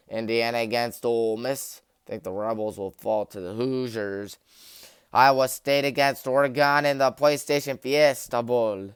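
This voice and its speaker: Joking young sports host. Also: male voice, medium pitch, fairly even intonation, a little slow, smooth, dry recording, studio quality. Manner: jokey, rambling, self-mocking. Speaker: sports talk show host. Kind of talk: rapid-fire game picks with joking asides. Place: small community TV studio.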